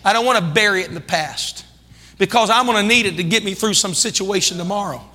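A man preaching a sermon as pastor, calling out to the congregation and building into shouting. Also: sits high, fast talker, big-room sound. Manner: calls out to the congregation. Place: church sanctuary.

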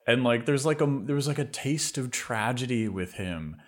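A man's voice: mid-range voice, lively intonation, moderate pace. A man co-hosting a podcast, talking movies in a rambling way, full of filler words. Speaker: podcast co-host. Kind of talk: casual film discussion.

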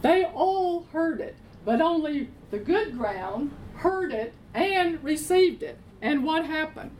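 A woman's voice: high voice, lively intonation, slow pace, a little mellow, a little hiss or hum, low-quality recording. A woman preaching a sermon, emphatic, repeating her phrases and answering her own questions.

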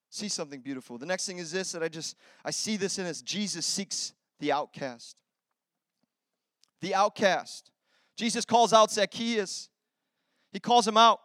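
A man preaching a sermon as pastor, telling a story in an animated way that swings from loud bursts to quiet stretches. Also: high-pitched, no echo, studio quality.

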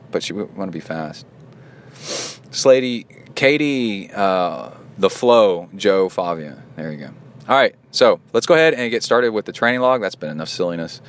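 A man with a fairly low voice hosts a laid-back podcast chat. He jokes and riffs freely, with a faint hum of background noise behind him. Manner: playful, joking, goofy asides. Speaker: podcast host.

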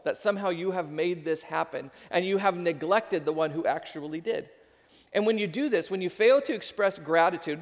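Man, pastor, sermon, slightly high voice, long hall echo. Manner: conversational preaching, animated, quick asides. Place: church sanctuary.

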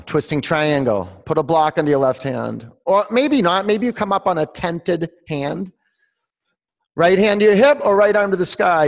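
Gravelly-voiced man leading a yoga class. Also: high voice, big-room sound. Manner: calls out poses and counts, joking with students. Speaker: yoga instructor. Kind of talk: live yoga class instruction. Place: yoga studio, large room.

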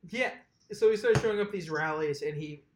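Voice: medium pitch, noisy background. A podcast host telling a story in casual chat, laughing often and mimicking the people described. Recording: roomy echo.

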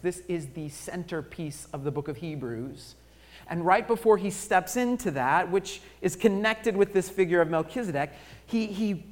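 A man preaching a sermon as pastor, telling a story and moving between loud emphasis and near-hushed delivery, drawing out key phrases. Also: high voice.

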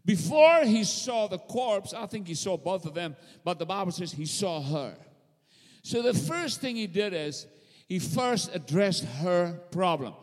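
A man's voice: high-pitched, expressive, unhurried. A man preaching a fervent sermon in a church, calling on the congregation to answer back. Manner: fervent, repetitive preaching with call-and-response to the congregation. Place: church sanctuary. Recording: long hall reverb.

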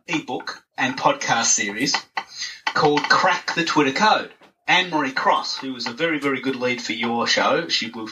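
A man chatting as an interview guest and telling animated stories. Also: medium pitch, a little hiss or hum. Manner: animated storyteller who acts out voices. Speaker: podcast guest. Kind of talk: casual interview chat. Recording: dull, distant recording.

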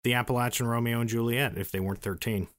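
A man co-hosting a casual podcast, chiming in with deadpan wisecracks and quick questions. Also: medium pitch, dry recording, clean studio sound. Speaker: podcast co-host. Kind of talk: casual chat.

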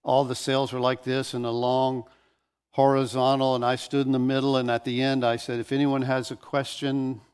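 A man's voice: mid-range voice, completely flat delivery, moderate pace, darkish tone, clean tone. A man pastor preaching a sermon, telling stories with animation and often restarting phrases.

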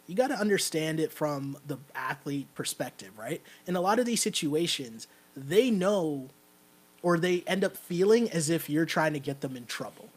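A man's voice: on the high side, expressive, moderate pace, breathy edge. A Canadian man hosting a podcast, chatting casually about basketball and often checking in with "right?". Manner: talkative, keeps asking "right?". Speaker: podcast host. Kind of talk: casual sports chat.

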